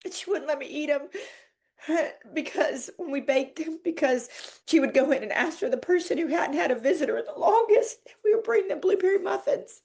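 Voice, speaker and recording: A podcast host with a high, creaky voice, darkish tone and lively intonation tells a personal story at a moderate pace. The emotional monologue is heartfelt, as she laughs and tears up while recounting it.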